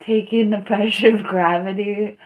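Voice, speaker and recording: A woman's voice: mid-range voice, steady tone, normal speed, narrow, tinny audio. A young woman chatting casually on a live stream while in pain and tearful, rambling, laughing through it and groaning. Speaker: livestreamer.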